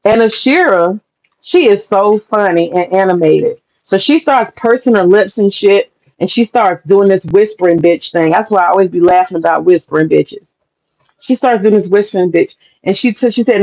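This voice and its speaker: A woman's voice: mid-range voice, normal speed, darkish tone, muffled recording. A woman talking frankly and casually to camera, swearing freely and laughing often. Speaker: vlogger. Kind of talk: casual opinion monologue.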